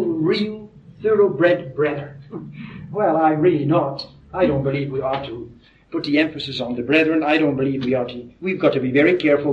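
A man preaching a sermon, praying earnestly and then building to emphatic, repeated points. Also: a little high. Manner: earnest, rises to emphatic repetition. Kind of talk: sermon with opening prayer. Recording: distant, echoey, dull old sermon recording.

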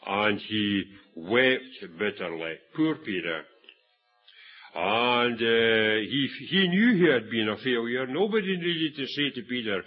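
Scottish preacher with a husky voice. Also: male voice, medium pitch, lo-fi sound. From Scotland. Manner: storytelling, acts out quoted voices, frequent restarts. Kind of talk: sermon.

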